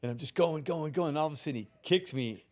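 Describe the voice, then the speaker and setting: A man around sixty, a podcast guest telling a long personal story in a casual, animated way, swearing freely and laughing through it. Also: a little high, racing. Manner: animated, profane, laughs through his stories.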